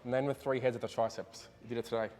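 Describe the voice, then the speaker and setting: Quick man hosting a quiz. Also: medium pitch, little pitch movement, darkish tone, big-room sound. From Australia. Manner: quick, laid-back, lots of short affirmations. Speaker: host and quiz master. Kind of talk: casual interview and quiz.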